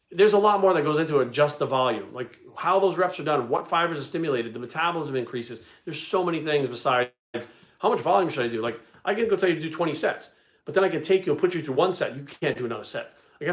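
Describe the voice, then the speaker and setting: Man, livestream host, casual chat, rapid delivery, profane and blunt. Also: fairly high pitch, a bit bright.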